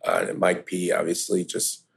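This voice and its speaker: A man guesting on a casual podcast, relaxed and teasing, with a groggy voice. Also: low voice, normal speed. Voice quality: groggy gravelly voice. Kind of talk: casual interview chat.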